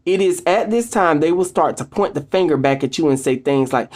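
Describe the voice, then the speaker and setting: A video host giving casual motivational advice to viewers, an animated storyteller who keeps addressing the audience directly with emphatic, drawn-out phrases. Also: mid-range voice. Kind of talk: casual motivational talk to camera.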